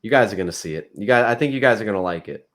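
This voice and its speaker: A man co-hosting a casual wrestling podcast, talking in an excitable, rambling way and laughing often. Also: fairly low pitch, very fast. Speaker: podcast co-host.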